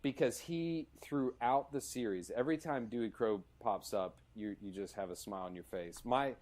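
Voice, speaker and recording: A man's voice: mid-range voice, normal speed, darkish tone. A man hosting a podcast, chatting casually and enthusiastically, rambling as he retells scenes. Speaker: podcast host. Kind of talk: casual conversation.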